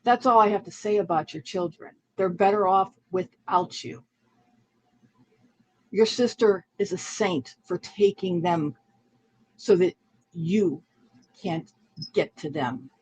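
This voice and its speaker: Slow husky woman taunting someone. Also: on the low side, darkish tone, rough recording. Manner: taunting, repetitive, contemptuous. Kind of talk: heated online argument.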